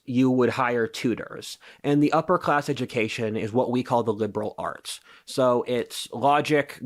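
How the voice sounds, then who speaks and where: A man who is a podcast guest, explaining his views in an assertive, lecturing way during casual interview talk. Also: medium pitch.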